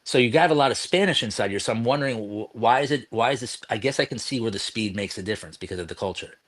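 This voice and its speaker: A man's voice: mid-range voice, expressive, fast, fairly bright tone. A man in a casual conversation who asks many curious questions.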